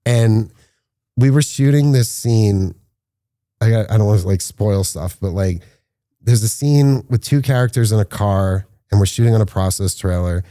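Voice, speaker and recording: A man's voice: moderate pace, no room sound, clean studio sound. A man, a filmmaker, telling stories casually in a podcast interview and acting out the quotes. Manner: animated storyteller, acts out quotes with rising pitch. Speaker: filmmaker guest.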